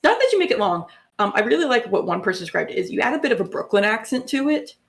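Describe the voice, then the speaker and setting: A woman's voice: a little high, sing-song, gravelly. A woman chatting casually as a tabletop game player, rambling and laughing as she explains things. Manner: laughing, rambling, quick asides. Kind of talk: casual chat between players.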